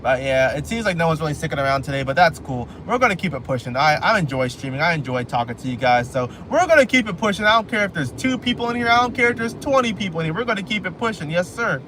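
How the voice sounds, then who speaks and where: Guy talking on a stream from his car, kinda high voice, faint road noise behind. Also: lively intonation, fast talker, hardly any pauses, bright, forceful tone. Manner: rambling, self-joking, repeats phrases. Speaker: live streamer. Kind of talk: casual live stream chat while driving. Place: inside a car on a highway.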